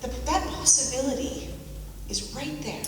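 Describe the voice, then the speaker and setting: Woman speaker, higher voice, halting storytelling style, distant mic in a reverberant hall. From United States. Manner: reflective, halting, repeats key phrases. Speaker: speaker at a forum. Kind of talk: storytelling public talk. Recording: echoey hall, mic from far off, background noise.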